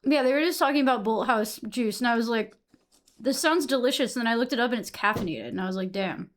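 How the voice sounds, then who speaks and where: A woman's voice: fairly high pitch, racing. A young woman from Massachusetts chatting casually with her stream audience, answering chat messages and swearing freely.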